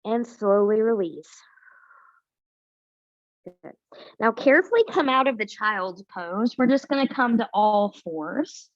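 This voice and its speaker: A woman teaching a yoga class, giving gentle, unhurried cues with casual fillers. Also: on the high side, big pitch swings, muffled recording. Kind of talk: guided yoga class instruction.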